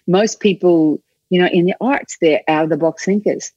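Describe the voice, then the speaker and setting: A middle-aged Australian woman, an enthusiastic, animated storyteller chatting as an interview guest. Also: lowish voice, moderate pace, slightly rough, no room sound, lo-fi sound. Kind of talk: casual chat.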